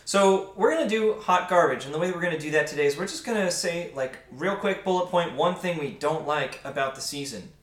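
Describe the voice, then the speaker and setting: A man's voice: on the high side, brisk, hardly any pauses. A young man hosting a casual podcast chat, upbeat and rambling with lots of fillers. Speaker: podcast host. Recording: echoey room.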